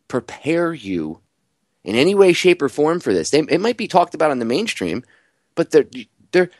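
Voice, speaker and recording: A man hosting a talk radio show, delivering an animated, sarcastic monologue full of rhetorical questions. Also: medium pitch, no echo, studio quality.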